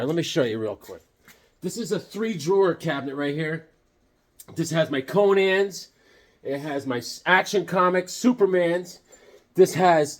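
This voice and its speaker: A man chatting casually in a vlog, rambling and joking as he shows off his comic collection at home. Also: on the high side. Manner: rambling, jokey, loose.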